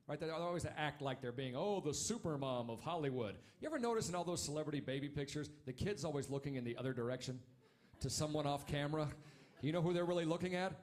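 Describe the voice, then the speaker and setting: Comedian guy on a club stage, slightly high voice, punchy wry delivery, talks to the crowd. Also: a little hiss or hum. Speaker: stand-up comedian. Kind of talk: stand-up comedy set.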